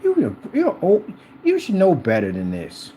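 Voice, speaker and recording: Brief: middle-aged male vlogger, rambling rant, lively swooping pitch, mellow low tone. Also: unhurried, slight background noise, poor audio. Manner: rambling and repetitive, addressing a rival directly. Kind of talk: ranting monologue to camera.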